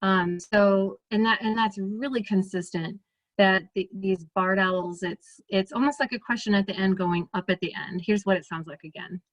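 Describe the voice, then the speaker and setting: A woman with a Midwestern American accent, an ornithologist giving a relaxed, chatty presentation over a video call, full of fillers and restarts. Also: mid-range voice, normal speed, no echo. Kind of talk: casual presentation.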